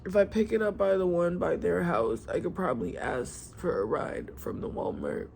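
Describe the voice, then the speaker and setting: Young woman, own voice, vlog chatter with a creaky edge, rambling, slangy venting, faint noise behind. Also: on the low side, sing-song, normal speed, darkish tone. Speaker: vlogger. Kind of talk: casual vlog chat.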